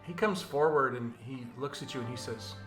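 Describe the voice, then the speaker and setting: Relaxed man narrating a tabletop game. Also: mid-range voice, normal speed, soft background music. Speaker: game master.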